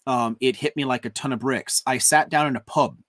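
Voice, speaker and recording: A man's voice: medium pitch, fairly bright tone, dry recording. Brief: american male host, stop-start delivery, dry close sound. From United States. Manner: halting, repeats words often. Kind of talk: casual live-stream chat.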